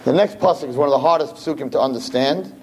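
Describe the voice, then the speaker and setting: A man giving a Torah class to a room of listeners, reading Hebrew verses and translating them, animated and acting out the dialogue. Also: fast, slight background noise. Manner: animated, acts out dialogue with big pitch swings. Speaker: Torah teacher. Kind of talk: Torah class lecture to a live audience.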